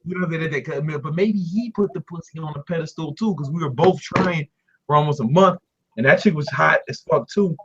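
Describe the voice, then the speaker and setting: A young man telling a story in casual talk, animated and laughing, doing voices for the people in it. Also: on the high side, fairly quick, breathy edge, muffled recording. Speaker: guest storyteller.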